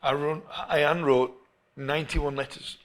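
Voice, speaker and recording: A middle-aged English man, a football coach being interviewed, who tells stories in an animated way and often restarts his phrases. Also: a little high, unhurried. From England. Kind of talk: storytelling interview.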